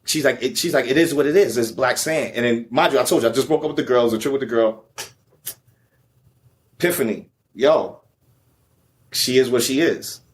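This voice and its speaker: A man guest with a middle-pitched voice, telling a story in casual, slang-filled talk. He swears freely and talks with lively energy. It sounds like a relaxed chat between friends. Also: brisk, long pauses. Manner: profane, animated, slangy. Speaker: featured guest.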